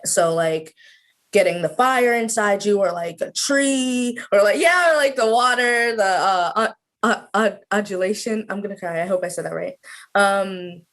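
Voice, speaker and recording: A woman's voice: medium pitch, moderate pace, a bit bright. A woman of about twenty, a student guest on a video call, chatting casually with lots of "like" fillers. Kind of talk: casual interview chat.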